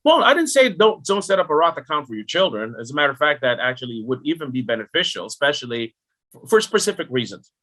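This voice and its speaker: Bright, animated middle-aged man. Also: fairly high pitch, fast talker. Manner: animated, rhetorical questions, talks directly to the listener. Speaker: retirement planning guest. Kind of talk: podcast interview explanation.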